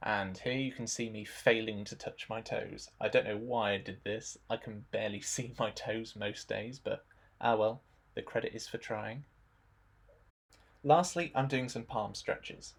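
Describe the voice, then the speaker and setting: A young man narrating a stretching warm-up demonstration in a relaxed instructional voice-over, adding dry jokes. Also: lowish voice, a little slow, vocal fry. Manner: dry, joking asides.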